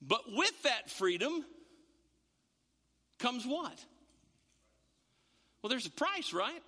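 A man preaching a sermon as pastor, animated, repeating words and acting out quotes. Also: very high voice, drawn-out words. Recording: long hall reverb.

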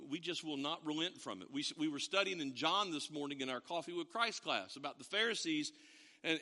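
A man preaching a sermon, telling a family story with animated, acted-out quotes. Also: high voice, big-room sound. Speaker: pastor.

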